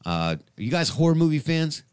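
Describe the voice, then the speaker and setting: A middle-aged man hosting a live radio show, rambling and excitable, with many restarts. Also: fairly high pitch, brisk, smooth, dry recording, clean studio sound. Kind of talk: casual live radio chat.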